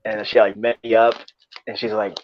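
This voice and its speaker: A man's voice: fairly low pitch, flat delivery, moderate pace, a little hiss or hum. A young man casually telling a rambling, profane story in slangy talk. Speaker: podcast co-host. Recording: dull lo-fi dry sound.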